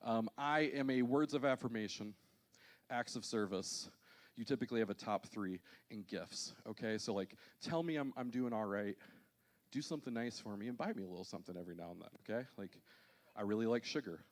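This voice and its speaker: A man's voice: on the low side, a little fast. A man in his thirties, a pastor preaching a sermon to a church congregation, telling self-deprecating funny stories. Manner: humorous, self-deprecating storytelling. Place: church auditorium.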